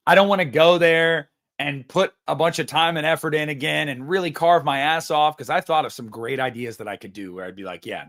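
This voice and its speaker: A male podcast host with a mid-range, slightly bright voice rants comically during a casual chat, joking with playful, mock indignation in a competitive rant.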